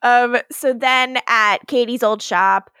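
A woman's voice: a little high, fairly even intonation, sharp tone, clear, resonant tone, no echo. Laughing woman recapping scenes, dry mic. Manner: retells scenes in quick paraphrased dialogue, laughs often, swears. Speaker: podcast co-host. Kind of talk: casual recap chat.

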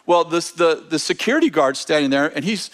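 A man preaching, telling a long anecdote in a lively, animated way with frequent restarts and self-corrections. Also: on the high side, brisk. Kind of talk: storytelling sermon.

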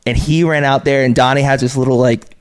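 A young man with a middle-pitched voice tells a funny story on a casual sports podcast. He is animated and laughs as he talks. The pace is conversational and loose. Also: quick pace, smooth. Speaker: podcast guest, former player.

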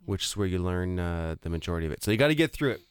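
A man's voice: low-pitched, animated, very fast, clean tone, dry recording, clean studio sound. A man, hosting a real estate talk show in a chatty way, with many fillers and restarts. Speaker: radio show host. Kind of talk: casual chat.

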